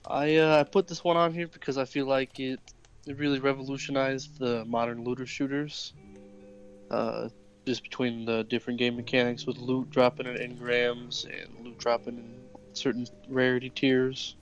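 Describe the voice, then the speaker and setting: A man from Texas, a podcast guest, talking casually and haltingly about games. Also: mid-range voice, flat delivery, highs cut off.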